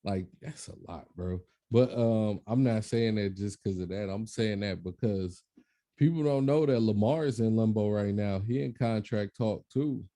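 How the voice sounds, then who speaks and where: A man's voice: on the low side, unhurried, warm tone, no echo, clean studio sound. A man co-hosting a podcast in casual, joking sports banter, laid-back and slangy. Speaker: podcast co-host.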